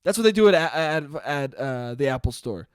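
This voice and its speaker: A man hosting a solo podcast, ranting in a profane, exasperated way with sudden loud spikes. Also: mid-range voice, animated, normal speed, smooth, no room sound, studio quality. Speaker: podcast host.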